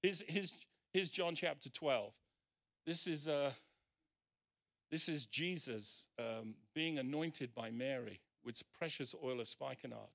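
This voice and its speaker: A man's voice: medium pitch, slow pace, gravelly, fairly bright tone. A male pastor preaching emphatically at a church service, acting out the scripture quotes he reads. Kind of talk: sermon.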